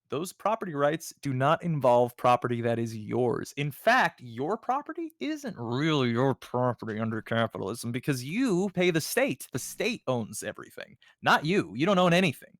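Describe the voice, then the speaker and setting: A man's voice: medium pitch, no room sound, studio quality. Rambling man ranting on a livestream. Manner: rambling, emphatic, frequent restarts. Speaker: streamer co-host. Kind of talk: casual political chat.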